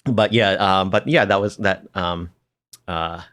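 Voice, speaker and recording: A middle-aged man from the Philadelphia area, a piano educator, reminiscing as a podcast guest with many fillers and soft chuckles. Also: sits low, a little slow. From Philadelphia area, United States. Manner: rambling, many fillers, tags sentences with "there"; chuckles through his stories. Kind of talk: casual reminiscing conversation.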